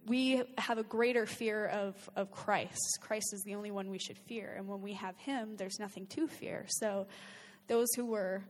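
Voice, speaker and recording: A woman's voice: medium pitch, steady tone, unhurried, few pauses, in a large hall. A woman earnestly telling a personal story in casual speech, with many fillers and bursts of laughter. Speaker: guest recounting a personal experience. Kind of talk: casual spoken testimony.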